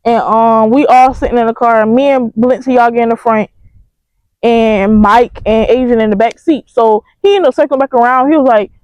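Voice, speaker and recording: A young woman telling a storytime in a casual, profane, animated way. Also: on the high side, no echo, muffled recording. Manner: animated, profane, emphatic retelling.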